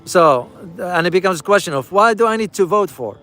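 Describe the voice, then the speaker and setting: A man's voice: sits high, animated, a little fast, bright, forceful tone, soft background music. A man giving casual travel commentary to his viewers while riding through a city, addressing them as "guys" and repeating key phrases for emphasis. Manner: speaks directly to viewers as "guys".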